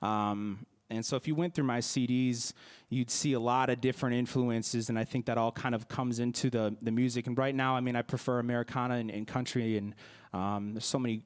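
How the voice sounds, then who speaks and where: A man's voice: mid-range voice, clean tone. A young man, a singer-songwriter from the Milwaukee area, answering interview questions in a casual, hesitant way with many fillers and restarts.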